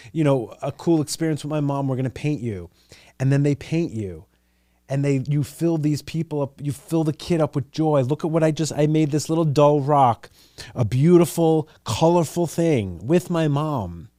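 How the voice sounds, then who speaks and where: A man's voice: lowish voice, mellow, no room sound. A young man hosting a solo podcast, rambling earnestly with lots of "like" and "you know", at times moved almost to tears. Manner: earnest, gets emotional and teary. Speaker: podcast host. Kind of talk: casual solo podcast musing.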